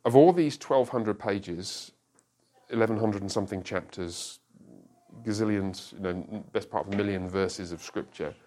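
A man's voice: on the low side, moderate pace, dark tone. A middle-aged man, a pastor, teaching a church class in a conversational way and often checking that listeners follow.

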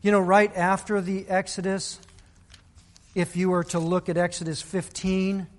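A man's voice: sits high, little pitch movement, measured pace, big-room sound. A male pastor preaching a sermon, telling a Bible story and acting out the people's voices. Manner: storytelling, acts out biblical voices.

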